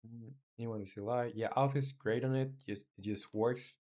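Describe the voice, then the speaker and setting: A man, not a native English speaker, live-streaming his game coding, thinking aloud in halting phrases full of fillers and muttering search terms as he reads. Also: medium pitch, steady tone, darkish tone.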